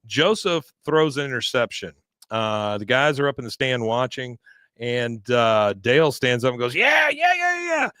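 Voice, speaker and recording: A man's voice: mid-range voice, moderate pace, a bit bright, smooth, no room sound. Chatty male podcast host. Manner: chatty, filler-heavy, reads viewer comments, laughs often. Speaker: podcast host recapping an episode. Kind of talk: casual recap chat.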